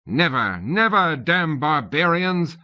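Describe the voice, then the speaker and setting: A man's voice: animated, moderate pace. A man voicing a flustered, stern young male tutor, raising his voice. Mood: shouting. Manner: shouting, raised higher voice. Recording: dull lo-fi cassette audio.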